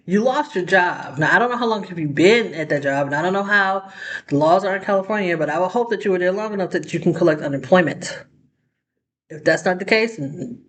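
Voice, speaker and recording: Woman vlogger firing off rhetorical questions. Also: on the low side. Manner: talks to the viewer with rhetorical questions and frequent "like" and "you know". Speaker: vlog host. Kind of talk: casual commentary chat.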